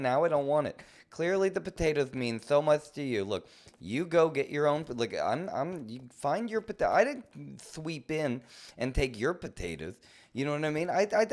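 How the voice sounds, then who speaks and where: A man streaming a game live, chatting and ranting playfully with mock indignation and sudden excited outbursts. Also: brisk. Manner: jumps to high excited outbursts. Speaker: livestreamer. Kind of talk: live gameplay commentary.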